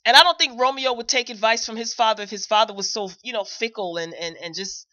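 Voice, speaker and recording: Fast-talking and sharp-toned, this host's voice is on the high side as she chats directly to viewers of her live commentary show, repeating phrases for emphasis. The recording is dry and lo-fi.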